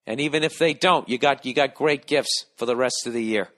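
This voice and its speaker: A middle-aged American man hosting a podcast, telling a profane, animated comic story and acting out the people in it. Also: medium pitch, a little fast. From United States. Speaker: podcast host. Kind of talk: casual comedic monologue.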